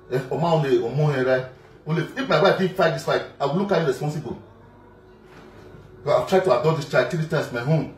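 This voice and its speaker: A man with a Nigerian accent talking casually and emphatically, repeating himself and filling gaps with "you know". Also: a little high. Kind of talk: casual direct-to-camera monologue. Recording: echoey room, mic at a distance, faint music.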